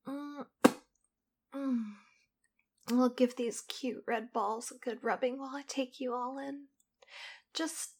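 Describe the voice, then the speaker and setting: A young woman in a whispered role-play, murmuring softly and breathily in a teasing, intimate way close to the microphone. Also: high voice.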